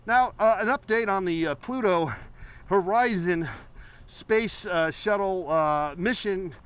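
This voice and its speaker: A man's voice: high-pitched, slow, a bit bright, smooth. A man hosting a live call-in painting show, rambling playfully with many fillers.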